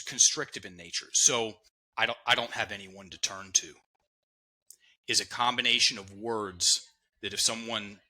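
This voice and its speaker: A man's voice: medium pitch, bright, forceful tone, poor audio. A man talking as a podcast guest, explaining an idea with emphasis and repeating key words. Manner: emphatic, repeats words, quotes others in voices. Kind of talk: conversational teaching.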